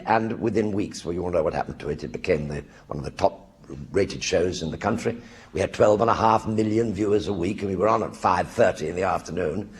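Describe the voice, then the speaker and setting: A man's voice: deep voice, a little fast, slight background noise. An older actor telling anecdotes in a one-man stage show in front of a live audience, acting out other people's voices as he goes.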